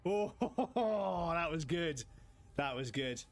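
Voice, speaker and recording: A man's voice: fairly high pitch, lively intonation, drawn-out words. A man chatting casually while livestreaming a game, swearing and laughing at his own frustration. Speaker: streamer. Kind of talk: casual livestream gaming chat. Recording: game music playing behind.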